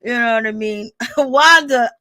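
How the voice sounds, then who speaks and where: A woman hosts a casual recap chat, animated and quick to laugh. Her voice sits high and bright, and the recording is close and dry with no room sound. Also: no room sound. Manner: animated, laughing, expressive reactions. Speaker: reality TV recap host.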